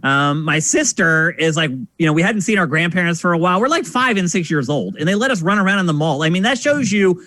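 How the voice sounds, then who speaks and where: High-pitched guy hosting a podcast, acts out people in his stories, dry sound. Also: quick pace, few pauses, no echo. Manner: animated storyteller, acts out voices. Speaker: podcast host. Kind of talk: casual podcast chat.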